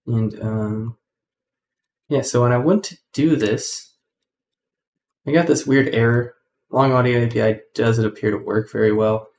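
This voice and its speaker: A man's voice: medium pitch, steady tone, measured pace, pauses often, a little mellow, slight background noise. A man hosting a casual coding tutorial, rambling with many ums and self-corrections.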